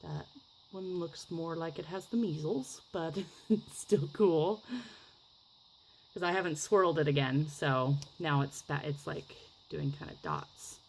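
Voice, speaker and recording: A woman's voice: sits low, expressive, measured pace, a little mellow, slight background noise, low-quality recording. A woman casually demonstrating a craft project, chatty and rambling, gushing over the results and sometimes dropping into a whisper. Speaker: craft vlogger.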